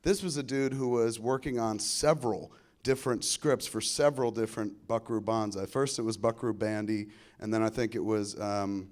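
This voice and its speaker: A man's voice: lowish voice, fairly even intonation, normal speed, hardly any pauses, a little mellow. A man hosting a casual fan chat, enthusiastic and swearing freely.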